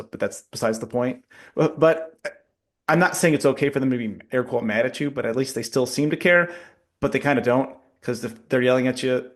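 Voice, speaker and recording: A man who works as a pharmacist, co-hosting a podcast in casual chat, animated and quick to laugh. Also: mid-range voice.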